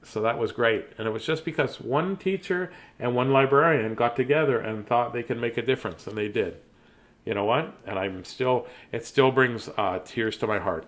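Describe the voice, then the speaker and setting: A man's voice: medium pitch, lively intonation, normal speed. Playful man reading bedtime stories. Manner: playful and chatty, laughs and riffs. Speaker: host reading children's books aloud. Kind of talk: casual read-aloud storytelling.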